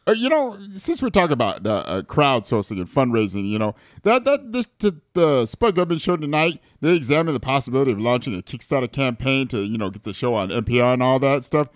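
A man co-hosting a comedy radio show, rambling and halting through his lines with plenty of fillers, from a studio microphone. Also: mid-range voice, very animated, no echo. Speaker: radio co-host.

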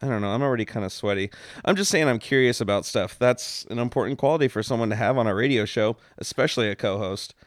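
A man bantering on a comedy radio show in a blunt, deadpan way, from a studio microphone. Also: medium pitch, fast talker, dry recording. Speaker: radio co-host.

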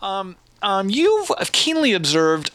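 Radio host, male, high and animated, joking with a guest, dry close sound. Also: takes it slowly, dry recording. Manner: hesitant, filler-heavy, joking. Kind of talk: casual radio interview.

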